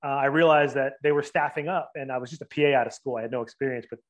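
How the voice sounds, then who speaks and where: A man in his forties talks quickly and loosely as an interview guest, his sentences running on with fillers and restarts. His voice sits at an ordinary middle pitch, and he moves briskly from one thought to the next. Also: fairly even intonation. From Boston area and New Jersey. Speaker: guest, writer. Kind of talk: casual interview chat.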